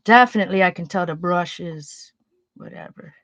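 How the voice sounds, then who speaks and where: A woman's voice: lowish voice, normal speed, vocal fry, fairly bright tone, no room sound. A woman hosting a casual painting livestream, chatting loosely with viewers as she works and sniffling a little. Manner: chatty, rambling, greets viewers, thinks aloud. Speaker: art livestream host.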